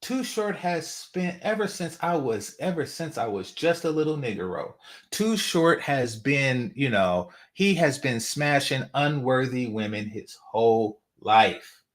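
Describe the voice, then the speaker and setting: A man's voice: medium pitch, expressive, a little slow. A man from the Bay Area giving a casual, profane commentary monologue, mocking and repeating phrases for effect. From San Francisco Bay Area. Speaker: commentary channel host.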